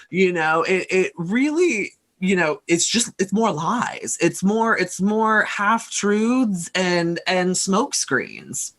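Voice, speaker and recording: A narrator of a tabletop role-playing game who speaks in an intense, indignant, halting way. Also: mid-range voice, expressive, a bit bright.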